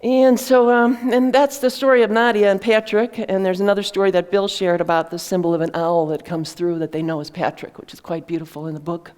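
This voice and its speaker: A woman's voice: medium pitch, fairly even intonation, brisk, few pauses, a little mellow, clean tone. A woman author telling a heartfelt story to an audience in an earnest, conversational way, with fillers and restarts. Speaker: author presenting her book.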